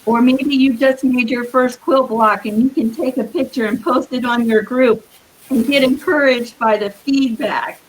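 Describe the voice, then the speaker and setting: A woman giving earnest, encouraging quilting advice as a guest on a live video call, with a husky morning voice. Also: fairly high pitch, fairly even intonation, measured pace, poor audio. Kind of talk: live-streamed advice talk.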